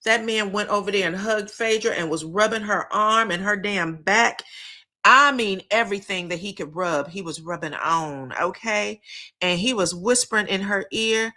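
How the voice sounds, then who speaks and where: A woman hosting a casual reality TV recap, talking straight to her viewers. She is animated and profane, laughs often, and acts out the people she describes. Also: medium pitch, moderate pace. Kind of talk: casual gossip commentary.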